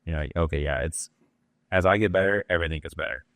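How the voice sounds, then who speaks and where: A man hosting an interview, talking in a relaxed, reflective way and asking open questions. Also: low-pitched, fast talker, no room sound, studio quality. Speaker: host. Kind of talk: casual interview talk.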